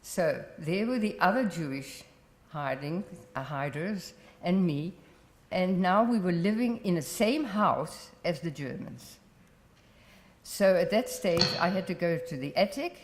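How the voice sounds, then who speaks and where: An older woman from the Netherlands with a South African accent, Dutch as her first language, telling her life story in plain, unhurried talk. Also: on the low side. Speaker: Holocaust survivor speaker. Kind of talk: personal testimony talk. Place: college exhibit hall. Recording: roomy hall with long reverb.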